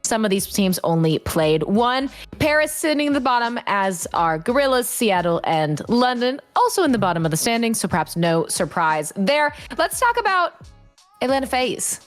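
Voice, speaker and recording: Lively woman hosting an esports show. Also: fairly high pitch, normal speed, hardly any pauses, faint music behind.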